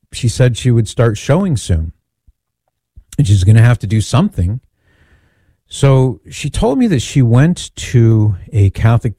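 A man telling a personal story in an earnest, measured way, often repeating phrases for emphasis. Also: lowish voice, mellow, no echo.

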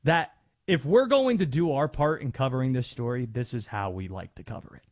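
A man's voice: medium pitch, expressive, fairly quick. A man hosting a sports talk radio show, ranting in an emphatic, mocking way.

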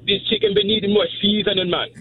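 Caller man doing a jolly Jamaican-style TV cook, pitched up, playful. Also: wildly swooping pitch, quick pace, phone-quality sound, exaggerated voice. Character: jovial male TV cooking-show chef with a put-on Jamaican lilt.

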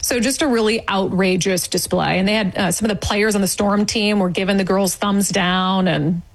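Husky indignant woman telling a story. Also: mid-range voice, steady tone, moderate pace, poor audio. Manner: indignant, storytelling with quoted asides. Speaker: interview guest. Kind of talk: animated eyewitness account.

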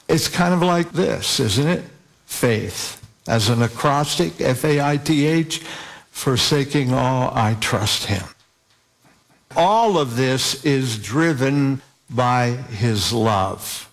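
A man preaching a sermon in an earnest, deliberate way, spelling out key words slowly. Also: on the high side, expressive, fairly bright tone. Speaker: pastor.

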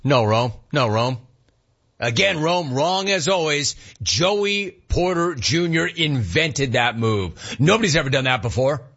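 A man hosting a sports talk radio show, teasing listeners with amused, rapid-fire rhetorical questions. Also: fairly high pitch, lively intonation, a bit bright, slightly rough, dull audio.

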